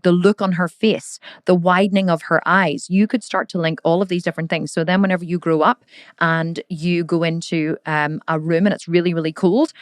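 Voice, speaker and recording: Woman, podcast host and coach, lively and direct with the listener, lowish voice, dry sound. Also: no room sound. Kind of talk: casual motivational podcast monologue.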